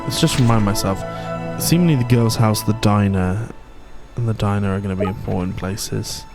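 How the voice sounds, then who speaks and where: A man's voice: on the low side, moderate pace, gravelly. A man giving casual gameplay commentary as he plays, thinking aloud and rambling. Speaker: let's-play commentator. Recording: game music playing underneath.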